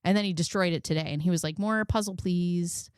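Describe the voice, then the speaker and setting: Woman, 30s, livestream commentary host. Blunt, chatty, profane. Smooth voice, dry close mic. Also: fairly low pitch, fairly even intonation, a little fast, darkish tone, no room sound. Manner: chatty, blunt, swears, thanks viewers.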